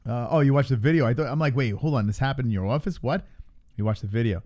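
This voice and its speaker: A young man co-hosting a casual livestream, talking loosely with plenty of swearing and laughter, and jumping into high voices for quotes. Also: quick pace, a little mellow. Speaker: livestream co-host.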